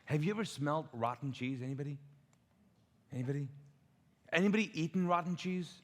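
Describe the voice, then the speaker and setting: A man preaching a sermon as a pastor, animated and humorous, asking the congregation to call out answers. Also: fairly high pitch, a little fast. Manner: tells humorous stories with acted-out quotes. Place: church auditorium. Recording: long hall reverb.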